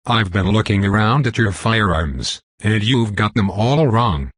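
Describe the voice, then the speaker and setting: A blunt young werewolf hunter, as a male narrator puts him on, lecturing a crowd of soldiers. His voice is husky and fairly low, recorded dry and close. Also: expressive, unhurried, no echo. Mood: urgent.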